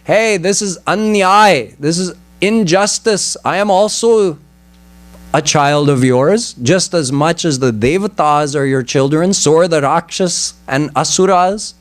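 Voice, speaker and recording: A man's voice: fairly high pitch, measured pace, lightly acted. A man voicing a dying male demon who cries out to God against injustice, in a raised, pleading tone. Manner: pleading, indignant protest.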